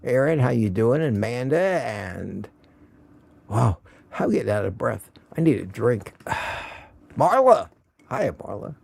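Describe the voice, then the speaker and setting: Gravelly, slow-talking male live stream host. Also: mid-range voice, sing-song, darkish tone, no room sound. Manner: chatty, greets viewers one by one by name; folksy and affectionate, laughs often. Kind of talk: casual live stream chat, reading viewer comments aloud.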